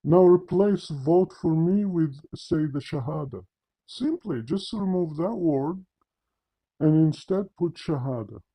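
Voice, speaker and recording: A man delivers a combative religious monologue, talking straight at his audience. His voice is very dark and gravelly, with a husky edge. He often restarts and repeats words as he presses his points. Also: on the high side, lively intonation, slow pace, low-quality recording. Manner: confrontational, emphatic, addresses listeners directly. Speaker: religious commentator. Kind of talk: polemical monologue to camera.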